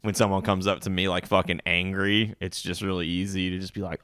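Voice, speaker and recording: A man co-hosting a podcast, telling work stories in a relaxed, swearing casual chat. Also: low voice, a little fast, no echo, clean studio sound. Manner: laid-back storyteller, swears freely. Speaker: podcast co-host.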